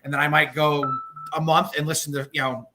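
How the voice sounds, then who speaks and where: A man's voice: fairly high pitch, little pitch movement, fairly quick, sharp tone, rough recording. A man with a Long Island accent, co-hosting a podcast and chatting in a rambling, conversational way. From Long Island, New York. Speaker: podcast co-host. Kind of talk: casual interview chat.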